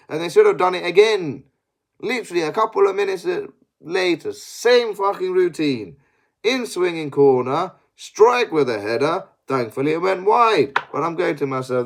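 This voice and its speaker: A young man giving a sweary, exasperated post-match analysis as a football fan. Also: on the high side.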